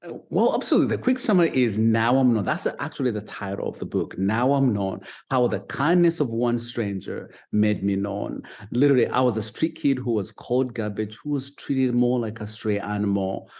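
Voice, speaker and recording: A man's voice: medium pitch, lively intonation, normal speed, gravelly, a little mellow. A man from Uganda with a Ugandan British accent, speaking earnestly as an interview guest and repeating words as he goes. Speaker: guest, foster dad. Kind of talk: casual interview talk.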